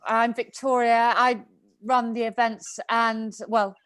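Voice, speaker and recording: A woman's voice: fairly high pitch, level tone, slow, a bit bright, clean tone. A British woman hosting an online event, chatty and loose, over a video call. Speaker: event host.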